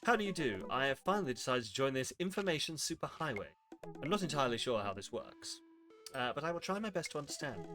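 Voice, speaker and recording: A man's voice: mid-range voice, a bit bright. A man voicing a gloomy gothic man with a stiff, courtly, old-fashioned way of speaking. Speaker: dating-sim character voiced by a streamer.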